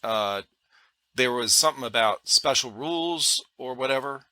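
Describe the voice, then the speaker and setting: A man hosting a casual podcast interview, his voice very bright and tense with a lively, swinging pitch. He asks loose, rambling questions and laughs easily, recorded dry and close. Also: moderate pace, no echo. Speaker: podcast host.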